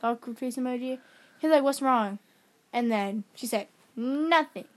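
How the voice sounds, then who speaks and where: A young woman casually retelling a dating story, giggling and quoting text messages in a flat voice. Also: a little high, normal speed. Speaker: co-host. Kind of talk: casual gossip chat.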